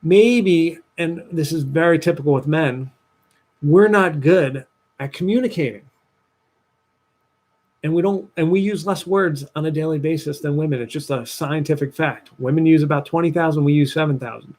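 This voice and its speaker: Animated man. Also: normal speed. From New Jersey, USA. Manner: animated storytelling, acts out his past self in a higher voice. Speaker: dating coach. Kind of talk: livestream talk to viewers.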